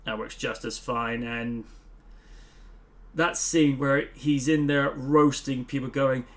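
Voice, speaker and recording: A man hosting a casual live stream, rambling and laughing, often acting out movie lines in loud mock voices. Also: medium pitch, steady tone, slow pace. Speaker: host.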